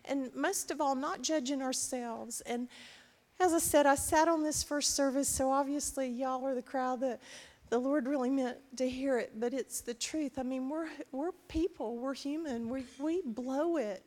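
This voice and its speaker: Middle-aged woman, high voice, earnest rambling sermon talk, church hall reverb. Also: moderate pace, darkish tone. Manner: earnest and rambling, with many restarts. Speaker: pastor's wife and co-pastor.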